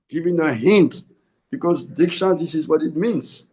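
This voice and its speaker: Earnest swami man, fairly high voice. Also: moderate pace, darkish tone. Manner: earnest, repeats and corrects himself mid-phrase. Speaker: swami giving a spiritual discourse. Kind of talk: sermon.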